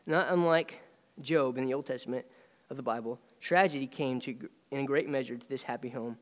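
A man preaching a sermon, earnest and emphatic, swinging between raised lines and quiet ones. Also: medium pitch, fairly quick, long reverb tail. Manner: earnest, rising and dropping emphasis.

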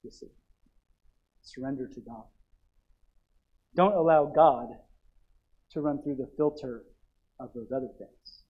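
Man preaching, pastor, exhorting, loud calls and hushed asides. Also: medium pitch, unhurried, pauses often, slightly rough, dull audio. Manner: exhorting, repetitive calls to get excited; dynamic, dropping to quiet asides. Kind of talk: sermon.

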